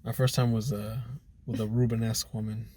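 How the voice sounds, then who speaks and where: A young man co-hosting a casual podcast over drinks, animated and acting out quotes with laughter. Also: on the low side, a little fast, slightly rough, no room sound. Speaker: podcast co-host.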